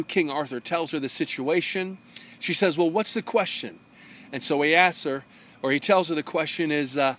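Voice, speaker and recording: Animated male storyteller, somewhat high voice. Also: moderate pace, slight background noise. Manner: animated storyteller, briefly acting out the characters' lines. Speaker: speaker telling a story. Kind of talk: storytelling talk.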